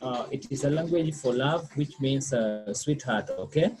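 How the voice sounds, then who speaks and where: A man's voice: medium pitch, normal speed, background noise. A man tutoring a student in French one on one, patient, repeating words and checking with "okay?". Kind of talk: one-on-one language lesson.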